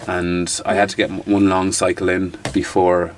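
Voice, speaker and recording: A man's voice: deep voice, normal speed, slight background noise. A man in his thirties with an Irish accent, a guest in a casual interview telling stories with restarts and the odd swear word. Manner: animated, restarts sentences, occasional swearing.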